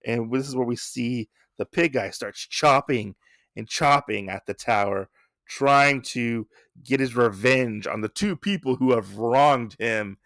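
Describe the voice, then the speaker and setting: A man's voice: medium pitch, a little slow, fairly bright tone, no room sound, studio quality. A man hosting a podcast, casually recapping a comic in a rambling way full of fillers and restarts. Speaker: podcast host.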